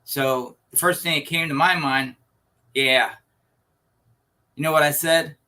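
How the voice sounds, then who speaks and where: A man's voice: fairly high pitch, fairly even intonation, a little slow, pushed and bright. A man hosting a casual online chat, telling anecdotes and laughing easily. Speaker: host.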